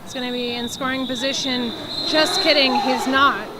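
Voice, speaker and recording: A woman's voice: sits high, steady tone, moderate pace. Wry woman doing play-by-play, noisy feed. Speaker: commentator. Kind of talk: sports play-by-play commentary.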